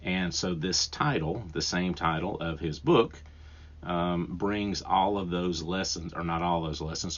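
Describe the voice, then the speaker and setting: Southern male podcast host, deep voice, dull lo-fi recording, chatty and enthusiastic. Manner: enthusiastic, rambling with fillers and restarts. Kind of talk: casual book recommendations.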